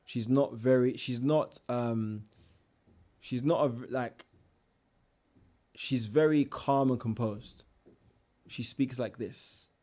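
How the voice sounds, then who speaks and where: A young man, a guest telling his own life story in a casual interview, animated, with slang and restarts. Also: mid-range voice, slow, pauses often.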